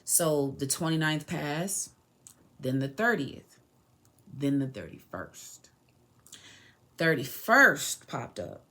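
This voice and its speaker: A woman's voice: sits low, takes it slowly, pauses often. A young woman in her twenties, a podcast host telling a personal story in a casual, emotional way, acting out what people said. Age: 20s. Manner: emotional, animated retelling with quoted dialogue.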